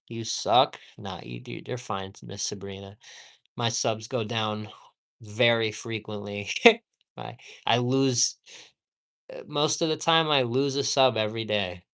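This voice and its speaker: A man's voice: on the low side, slow pace, gravelly, fairly bright tone. Profane man ranting on a livestream. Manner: profane, emphatic, rambling. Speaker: live streamer. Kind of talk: casual livestream rant. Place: at home.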